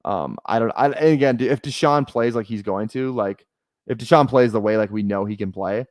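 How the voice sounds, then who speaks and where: A man's voice: on the low side, normal speed, no room sound, clean studio sound. A young man streaming live, chatting casually and thinking aloud as he talks. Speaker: fantasy football streamer.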